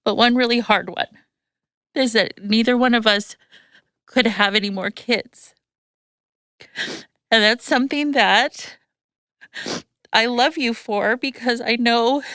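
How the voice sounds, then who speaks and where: A woman's voice: fairly high pitch, steady tone, a little slow, pauses often, fairly bright tone, dry recording, studio quality. A woman in her thirties hosting a podcast, telling stories animatedly and acting out the voices she quotes. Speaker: podcast host. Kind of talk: casual chat.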